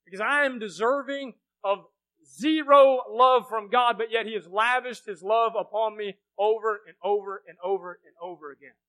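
High, bright-voiced preacher man. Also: normal speed, poor audio. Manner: swings from hushed to shouting; asks the congregation questions. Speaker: pastor. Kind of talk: sermon.

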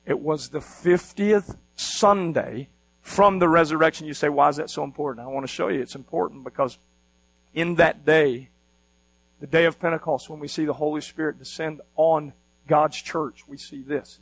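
A man's voice: on the high side, fairly even intonation, normal speed, vocal fry, rough recording. A man preaching a sermon as pastor, teaching with energy and often asking the congregation questions.

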